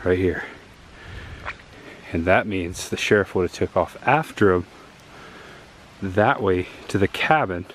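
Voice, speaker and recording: With a deep voice, a slightly slow pace and long pauses, a man narrates his outdoor vlog through the woods on a handheld camera. He's touring filming locations, pointing things out eagerly as he walks despite being out of breath, with a little hiss or hum audible.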